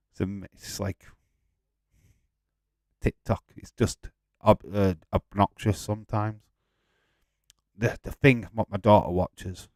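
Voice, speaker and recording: Casual, low-voiced man chatting live. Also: darkish tone, no echo, clean studio sound. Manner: casual, chatty, swears, laughs often. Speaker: watch-along host. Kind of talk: live football watch-along chat.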